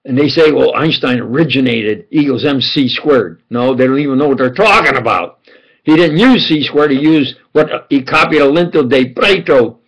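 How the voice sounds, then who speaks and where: An older man telling a rambling first-person account, often acting out dialogue and dropping into low mutters. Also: a bit bright, rough recording. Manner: digressive, quotes others in dialogue, drops to low mutters. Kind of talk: rambling conspiracy monologue.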